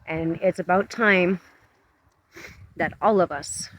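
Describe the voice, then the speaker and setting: A man talking earnestly to his camera outdoors at dusk, his voice shaky from cold and emotion, halting and self-conscious. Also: high-pitched, fairly bright tone, slight background noise, low-quality recording. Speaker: vlogger. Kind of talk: emotional outdoor vlog monologue. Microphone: camera mic up close.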